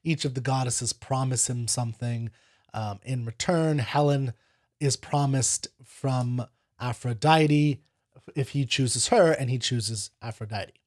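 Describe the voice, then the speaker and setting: A man with an average-pitched voice talks over a video he is reacting to. He explains things in a loose, rambling way. He restarts his sentences and leans on fillers like "you know.". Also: measured pace, darkish tone. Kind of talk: casual reaction commentary.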